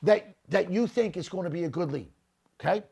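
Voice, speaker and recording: Brisk and high-pitched, a middle-aged man hosts a podcast with a dark, slightly rough tone and vocal fry. His monologue is blunt and unscripted, peppered with "listen" and "right?"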